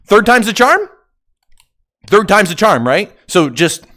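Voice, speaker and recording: A young man live-streaming and chatting with his viewers, loud and excitable, joking at his own expense and bursting into yells. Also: high voice, slow, long pauses. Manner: joking, self-mocking banter with chat. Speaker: livestreamer.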